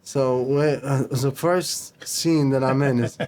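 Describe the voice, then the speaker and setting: Speaking slowly in a middle-range voice, this podcast guest spins a casual anecdote, cursing freely along the way. He's animated and performs the lines of the people he quotes, and there's a little hiss or hum in the recording.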